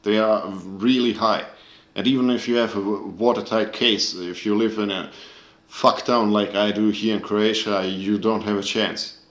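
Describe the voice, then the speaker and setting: Deep-voiced man ranting angrily, echoey room. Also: steady tone, normal speed, a bit bright. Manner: angry, profane, searching for words. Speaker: video creator. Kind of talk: casual rant to camera.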